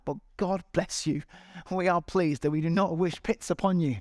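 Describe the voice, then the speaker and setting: A man's voice: on the high side, steady tone, normal speed, darkish tone, no echo, studio quality. A man preaching a sermon to a large congregation, earnest and encouraging, with repeated appeals. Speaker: pastor. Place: large church hall.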